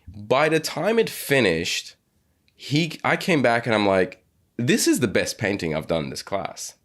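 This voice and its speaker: A man hosting a podcast interview, talking in a halting way with many restarts and repeated words. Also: mid-range voice, sing-song, fairly bright tone. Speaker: podcast host. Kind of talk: casual interview chat.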